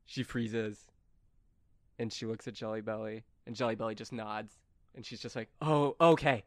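A man's voice: fairly low pitch, monotone, moderate pace, no echo, clean studio sound. A young man narrating as game master, playful and laughing often.

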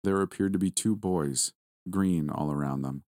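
A man narrating a first-person horror story in a steady, measured reading voice. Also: low-pitched, no echo, studio quality.

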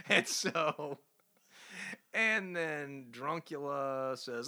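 A man's voice: mid-range voice, extremely slow, pushed and bright. A man co-hosting a casual comic book review podcast, recapping the story with sarcastic mockery and rhetorical questions. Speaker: podcast co-host.

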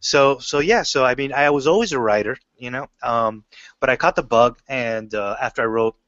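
A man's voice: mid-range voice, moderate pace. A man talks casually as an interview guest, spinning loose stories full of fillers and restarts. His voice sits in a middle range and comes through a dull, lo-fi recording. The room sound is dry, with no echo. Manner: relaxed storytelling, many fillers and restarts. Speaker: comic book writer.

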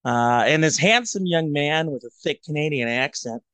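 Guy from cleveland rambling thru a funny story, kinda high voice, dry close headset sound. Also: moderate pace, clear, resonant tone, dry recording. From Cleveland, USA. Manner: rambling, self-mocking, animated storytelling. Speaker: podcast co-host. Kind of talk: casual storytelling chat. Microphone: boom mic headset.

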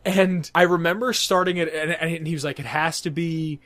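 A man's voice: a little high, steady tone, moderate pace, a bit bright, no echo. A young man co-hosting a podcast, telling a long school story in casual chat, rambling and cursing and laughing at his own jokes. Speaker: podcast co-host.

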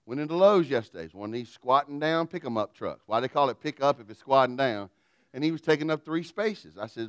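Folksy preaching man, smooth and dry. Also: a little high, lively intonation, brisk, a bit bright, no room sound. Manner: folksy, humorous storytelling preacher. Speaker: pastor. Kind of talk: sermon.

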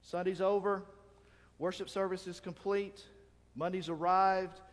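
A man preaching in a casual, conversational way, with a fairly high voice. He keeps checking in with the listeners and acts out little stories as he goes. His voice rings with the long reverb of a big church hall. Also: little pitch movement, measured pace. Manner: keeps checking in with the congregation with "right?"; acts out anecdotes with voices and sounds. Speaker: pastor. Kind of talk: conversational sermon.

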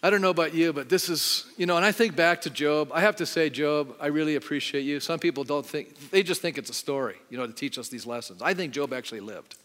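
A man's voice: fairly high pitch, fast talker, few pauses, a bit bright. A middle-aged male pastor preaching a sermon in a church, talking conversationally and putting frequent questions to the congregation. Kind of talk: sermon with altar call. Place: church sanctuary. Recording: long hall reverb with faint music.

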